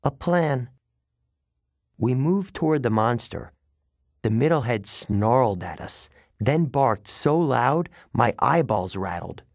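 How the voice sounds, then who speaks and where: A man narrating a first-person story as an audiobook reader, in an expressive storytelling manner. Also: medium pitch, unhurried, vocal fry, dry recording, studio quality.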